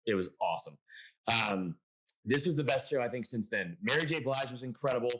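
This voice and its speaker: A man's voice: mid-range voice, lively intonation, brisk, a bit bright, slight background noise, rough recording. A man from Atlanta hosting a casual sports panel by video call, telling stories with lots of restarts. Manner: rambling storyteller with many restarts. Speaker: sports show host.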